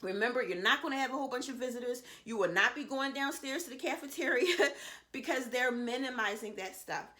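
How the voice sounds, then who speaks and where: A woman's voice: high-pitched, a little fast, bright, forceful tone. A woman in her thirties giving casual, reassuring advice to other mothers in a vlog, peppered with "you know" and promises. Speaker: vlogger, mother of seven.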